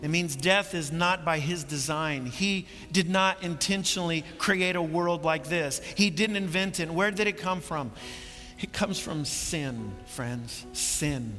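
A man preaches with an impassioned, bright, forceful voice that climbs to emphatic peaks and then falls quiet. His words ring out in a large hall with a long reverb, and faint music plays underneath. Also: fairly high pitch, a little slow. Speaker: pastor. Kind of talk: sermon.

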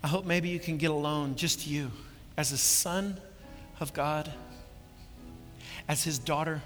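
A man preaching a sermon as pastor, impassioned, building to emphatic peaks and then dropping quiet. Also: on the high side, measured pace. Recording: long reverb of a large hall with faint music.

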